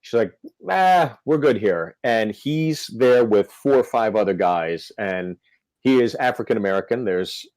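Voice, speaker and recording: A man's voice: on the low side, expressive, measured pace, a little mellow, no room sound, low-quality recording. A male comedian telling a story on a podcast, acting out the quotes. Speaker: comedian guest.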